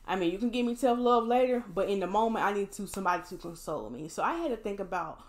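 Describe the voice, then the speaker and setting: A woman's voice: mid-range voice, expressive, quick pace. A woman vlogging candidly and encouragingly, speaking straight to her viewers while emotionally drained after a hard day. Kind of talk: casual heartfelt vlog talk.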